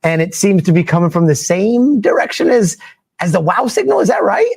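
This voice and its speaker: A man's voice: high-pitched, big pitch swings, brisk, vocal fry, darkish tone, husky, no echo, studio quality. A man interviewing a scientist, asking eager, rambling questions with apologetic hedges. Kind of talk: podcast interview.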